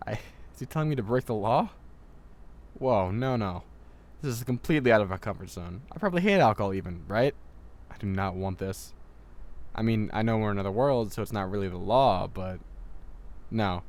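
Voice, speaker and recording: A man's voice: lowish voice, lively intonation, brisk, a little mellow, natural voice. A man voicing a principled, underage girl trainee in a game let's-play, protesting and indignant. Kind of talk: amateur let's-play voice acting.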